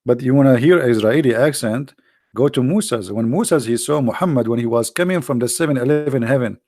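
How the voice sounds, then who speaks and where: Hosting a livestream, a man talks casually and mockingly to his live chat, tossing it rhetorical questions. He speaks fairly quickly at medium pitch with a dark tone.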